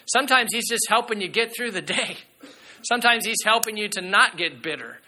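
A man preaching a sermon as pastor, earnest and emphatic, sometimes dropping to a hushed voice. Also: sits high, lively intonation, brisk.

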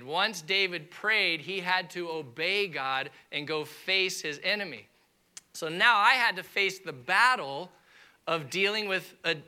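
A man preaching a sermon to a church congregation, telling a funny personal story with lively asides and impressions. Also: sits high, smooth. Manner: animated storytelling with comic impressions and audience asides. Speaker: pastor. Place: church auditorium.

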